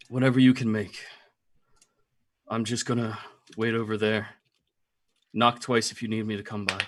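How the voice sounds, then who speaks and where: A man playing a tabletop game, earnest and a little halting, arguing his case. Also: medium pitch, bright, forceful tone. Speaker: player. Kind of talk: tabletop role-play, in and out of character.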